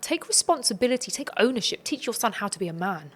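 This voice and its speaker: A woman's voice: fairly high pitch, sing-song, fast talker, fairly bright tone, breathy edge. A woman speaking as a podcast guest, giving earnest, reflective advice in a conversational tone.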